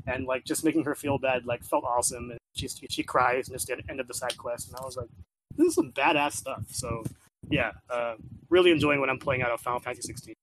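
A man chats casually about a video game he has been playing. He rambles, using lots of filler words and repeating himself as he restarts sentences. His voice sits at a middle pitch, and there is a faint hiss in the background. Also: fairly even intonation, quick pace. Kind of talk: casual chat.

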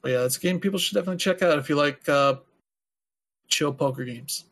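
A man's voice: a little high, quick pace, fairly bright tone. Rambling man chatting casually. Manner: rambling, many filler words. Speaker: podcast host. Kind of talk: casual chat.

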